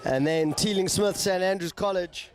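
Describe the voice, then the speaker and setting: A man calls a rowing regatta live, his voice sitting notably high. He works through the lanes steadily, naming each sculler and school as they pass. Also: moderate pace, some chatter behind. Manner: steady play-by-play calling out names and schools. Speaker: regatta commentator. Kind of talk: live sport commentary.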